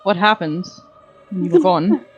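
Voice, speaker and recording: A woman voicing a caring female party leader who speaks gently and apologetically. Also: lowish voice, lively intonation, unhurried, breathy edge, soft background music. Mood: earnest. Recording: dull lo-fi sound.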